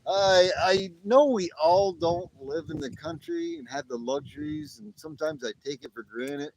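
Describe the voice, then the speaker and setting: A middle-aged man chats cheerfully on a nighttime livestream from his backyard fire pit, laughing as he greets viewers by name. His voice sits high and swings lively up and down. A faint hiss of noise runs underneath. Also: normal speed, creaky, rough recording. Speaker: livestream host. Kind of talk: casual live-stream chat. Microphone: camera on a tripod.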